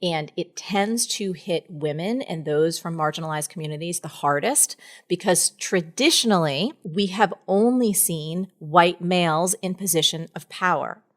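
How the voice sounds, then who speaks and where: A middle-aged woman speaks as a guest on a candid podcast, earnest and encouraging. Her voice sits a little low, and she leans into her points in emphatic bursts. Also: a little slow.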